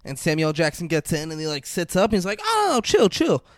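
A man's voice: on the high side, quick pace, clean tone, no echo, studio quality. A man co-hosting a casual podcast, recapping a film and acting out its lines in big voices. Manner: animated, acts out quotes in big voices. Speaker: podcast co-host.

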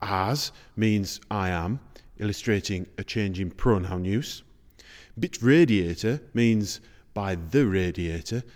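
A man hosting a podcast in measured, explanatory scripted narration. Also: lowish voice, darkish tone. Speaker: podcast host. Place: large circular museum room. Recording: reverberant space.

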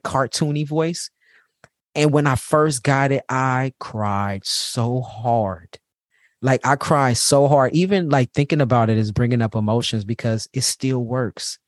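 A man in his forties hosting a podcast, talking about his own childhood and parenting in a heartfelt, halting way with many restarts. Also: mid-range voice, no room sound, clean studio sound. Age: 40s. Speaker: podcast host. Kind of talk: personal reflective monologue.

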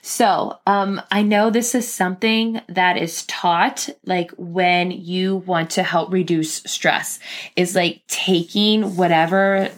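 A woman's voice: on the low side, fairly even intonation, slow. A young woman, pregnant, talking casually and earnestly as a podcast host, with lots of filler words. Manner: chatty, earnest, many fillers. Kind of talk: casual personal talk.

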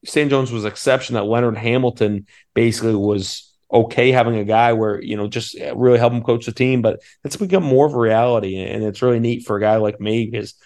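A man's voice: mid-range voice, steady tone, fairly quick, hardly any pauses, a little mellow. A man in his thirties from Maine, an assistant basketball coach telling an eager, rambling story on a podcast. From Maine, USA. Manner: eager, rambling, many restarts.

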